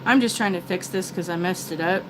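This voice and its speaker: A woman's voice: lowish voice, fairly quick, noisy background. An older woman hosting a live stream, chatting casually and rambling with lots of restarts; she calls herself a big talker. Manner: chatty, self-described talker, many restarts.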